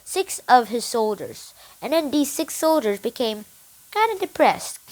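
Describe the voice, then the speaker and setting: A young book reviewer excitedly retelling a story in a casual, animated way. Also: medium pitch, unhurried, low-quality recording.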